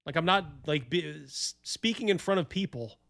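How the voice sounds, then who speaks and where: A man's voice: fairly high pitch, lively intonation, moderate pace, creaky, a bit bright. A man hosting a casual chat show, rambling and swearing freely. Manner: rambling, profane, laughs a lot. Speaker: host.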